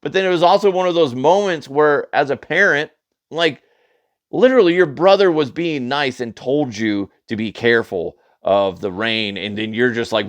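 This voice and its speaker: A man hosting a comedy news podcast, telling funny stories in a chatty, animated way and laughing at his own jokes. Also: medium pitch, no echo. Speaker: podcast host. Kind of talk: casual comedic storytelling.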